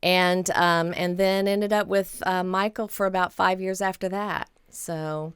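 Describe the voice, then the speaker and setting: A woman in her sixties, a podcast guest telling stories in a casual, animated way and acting out the voices of the people in them. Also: on the low side, measured pace, smooth, dry recording, clean studio sound. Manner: animated, acts out quoted voices and laughs often. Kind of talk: casual storytelling.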